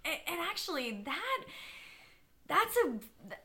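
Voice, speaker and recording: A woman interview guest talking about running, telling stories in an animated way and often laughing. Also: sits high, takes it slowly. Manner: animated storyteller, laughs often, many restarts. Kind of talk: casual interview conversation.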